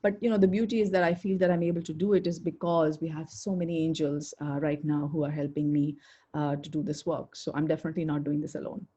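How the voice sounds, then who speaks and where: Gentle chatty woman on a video call. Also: low voice, flat delivery, fast, husky, highs cut off. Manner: chatty, fillers, gentle and earnest. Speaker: pranic healing instructor. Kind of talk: online spiritual talk with slides.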